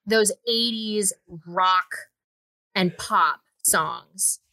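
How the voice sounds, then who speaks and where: A woman's voice: medium pitch, very slow, sharp tone, dry recording. A woman co-hosting a casual podcast about video games, talking with enthusiastic, gushing hype over a remote call. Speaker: co-host and game streamer. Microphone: remote call over Discord.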